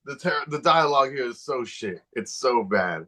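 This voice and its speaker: A man co-hosts a relaxed podcast conversation in an easygoing, slangy manner. He keeps tossing in casual filler and street phrasing as he talks things through. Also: mid-range voice, normal speed. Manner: laid-back slangy talk, often saying "bro" and "you know what I'm saying". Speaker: podcast co-host. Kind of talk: casual movie-talk chat.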